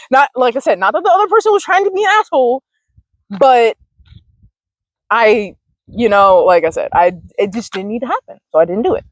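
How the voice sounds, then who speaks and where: A woman's voice: on the high side, lively intonation, moderate pace, no echo. Woman, chatty vlog host, laughs a lot, swears casually, outdoors, dry close sound. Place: outdoors, sitting on dirt.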